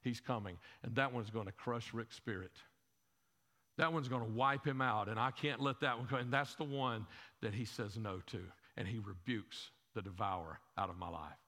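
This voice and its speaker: A lowish, sharp-toned man preaches at a moderate pace in a church sanctuary where long hall reverb lingers. His sermon is conversational, full of rhetorical questions to the congregation, repeated words and fillers.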